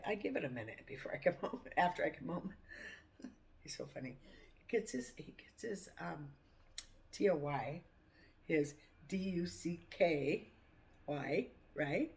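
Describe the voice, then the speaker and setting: A woman vlogger chatting casually to camera over morning coffee, rambling and laughing often. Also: low-pitched. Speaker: cooking vlogger.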